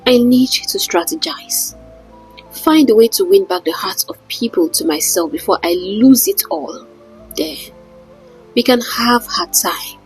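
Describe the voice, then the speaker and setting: A woman's voice: mid-range voice, animated, a little slow, slightly rough, faint music behind, exaggerated voice, poor audio. A woman voicing a vain, jealous rich woman who snaps and boasts in a storybook tale. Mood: scheming. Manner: snappish, demanding, boastful.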